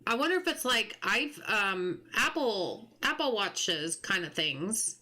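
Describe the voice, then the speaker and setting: A woman's voice: medium pitch, big pitch swings, slow pace, sharp tone. A woman streaming a game live, chatting casually, musing aloud as she plays and greeting viewers from chat.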